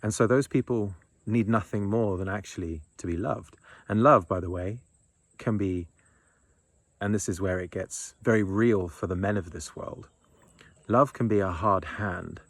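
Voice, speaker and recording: Deep, husky-voiced man swearing casually. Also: a little slow, dry recording. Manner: blunt, swears freely, rambling with fillers and chuckles. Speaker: men's retreat leader. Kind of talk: casual monologue.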